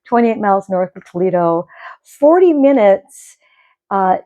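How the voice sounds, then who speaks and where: A woman's voice: mid-range voice, lively intonation, a little slow, phone-quality sound. A middle-aged woman from Michigan, rambling in casual chat as the host of a knitting podcast at home. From Michigan, USA. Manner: chatty, rambling, self-correcting.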